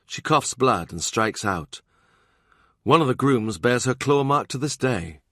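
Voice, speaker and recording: A man's voice: mid-range voice, animated, unhurried, a bit bright, dry recording, clean studio sound. A man narrating a historical novel audiobook in a vivid, dramatic reading. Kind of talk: scripted narration.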